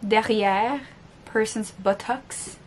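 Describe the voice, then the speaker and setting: A woman's voice: fairly high pitch, takes it slowly, slight background noise. A tired, sleep-deprived woman with a French accent chatting casually while unboxing books at home, joking at herself and stumbling over words. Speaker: book vlogger. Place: home room with books on the floor.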